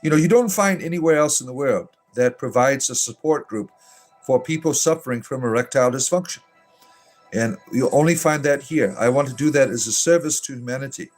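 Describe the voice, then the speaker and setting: A man with a mid-range voice banters through a livestream chat, dry, mocking and irreverent. He speaks in a put-on lilting accent that sounds a little Irish. Soft music plays faintly behind him. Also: medium pitch, brisk. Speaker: livestream host reading viewer chat.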